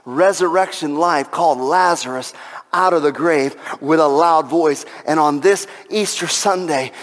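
A man's voice: on the high side, in a large hall. A male pastor preaching an Easter sermon with passion, repeating key lines for emphasis.

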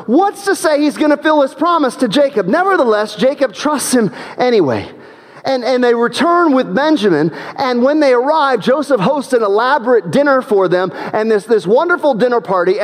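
Pastor, male, high voice, delivers a dramatic storytelling sermon, heard with long church reverb. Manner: dramatic storytelling, acts out quoted characters.

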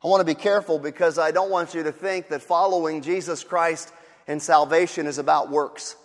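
A man's voice: a little high, steady tone, a little fast. A man preaching a sermon, repeating his key phrases for emphasis and acting out the voices of sighing bystanders. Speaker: pastor. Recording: long hall reverb.

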